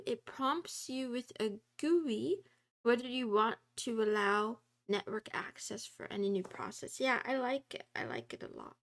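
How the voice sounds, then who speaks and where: A woman's voice: a little high, a bit bright. A woman streamer chatting casually with her viewers and reading their messages aloud. She giggles often, puts herself down playfully and drops in little meows.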